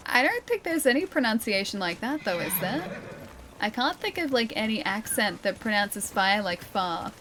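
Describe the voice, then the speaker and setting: Giggly high-voiced woman streamer. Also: big pitch swings, normal speed, fairly bright tone, a little hiss or hum. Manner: chatty and giggly, thinks aloud. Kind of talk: casual gameplay commentary.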